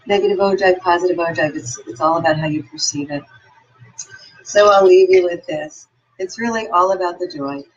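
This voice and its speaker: A woman's voice: on the low side, moderate pace, slightly rough, muffled recording. A woman giving an upbeat, encouraging motivational talk and telling personal stories. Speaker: motivational speaker.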